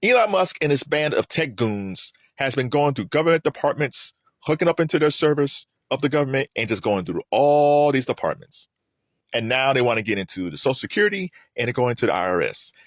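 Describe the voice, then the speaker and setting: A man's voice: medium pitch, big pitch swings, fairly quick, dry recording, studio quality. A man giving heated solo political commentary, asking rhetorical questions and mocking his opponents.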